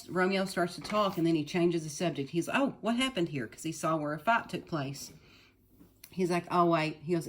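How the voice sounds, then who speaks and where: A middle-aged woman teacher retelling a play for her students in a chatty, paraphrasing way, often clearing her throat. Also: deep voice, darkish tone.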